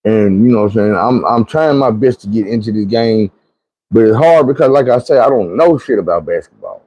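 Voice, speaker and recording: Dark-voiced man telling a story. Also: fairly low pitch, expressive, a little fast, dry recording, low-quality recording. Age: 40s. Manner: conversational, emphatic, repeats "you know what I'm saying". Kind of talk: personal storytime monologue.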